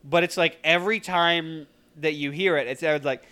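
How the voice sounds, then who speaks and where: A man's voice: on the high side, fairly even intonation, normal speed, bright, forceful tone, clean tone. A man co-hosting a casual podcast, dry and teasing, often answering with short uh-huhs. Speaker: podcast co-host. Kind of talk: casual chat. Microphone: podcast mic.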